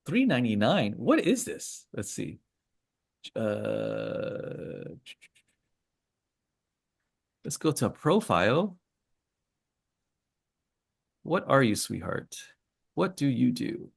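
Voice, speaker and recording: Rambling gravelly man hosting a trading call. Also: mid-range voice, very animated, takes it slowly, long pauses. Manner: rambling, joking asides, many fillers. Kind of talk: casual screen-share commentary.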